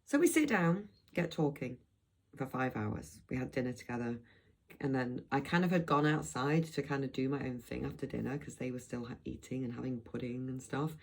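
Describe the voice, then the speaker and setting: A woman's voice: extremely low pitch, a little fast, creaky, low-quality recording. A middle-aged woman from Blackpool, chatting in a loose, rambling vlog with frequent restarts and asides. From England, Blackpool. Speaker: vlogger. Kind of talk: rambling travel vlog chat.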